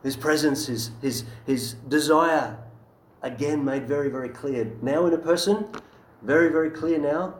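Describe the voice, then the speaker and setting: A man's voice: on the high side, moderate pace, echoey room, rough recording. A man preaching a sermon in an earnest, emphatic way, often asking rhetorical questions.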